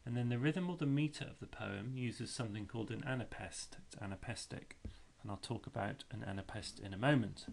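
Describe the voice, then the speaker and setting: A man's voice: lowish voice, fairly quick, creaky, hardly any pauses. A male teacher explaining a lesson step by step, chanting rhythms aloud to show the beat.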